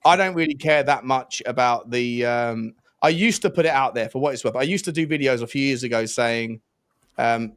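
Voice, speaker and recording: A man on a casual football podcast panel, with an average pitch and a dry, close sound. He talks in a halting, thinking-aloud way as he builds his points. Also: dry recording. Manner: halting, many fillers and restarts while forming opinions.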